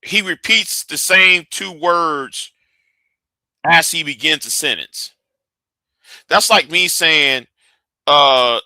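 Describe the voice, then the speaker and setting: Man, live stream rant, slow delivery, dry close sound, argumentative, repeats words. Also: on the high side, pushed and bright, no echo. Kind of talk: ranting live stream commentary.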